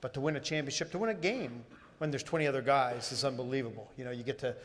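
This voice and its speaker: A man in his forties answers questions as a guest on stage, speaking at an ordinary mid-range pitch. He talks loosely and conversationally, often pausing with fillers and restarting his sentences as he searches for the right words. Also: slight background noise. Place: stage at a live event.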